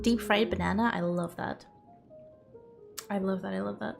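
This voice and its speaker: A woman's voice: mid-range voice, steady tone, moderate pace, creaky, long pauses, music in the background. A young woman streaming, chatting casually with viewers in a self-mocking, laughing way.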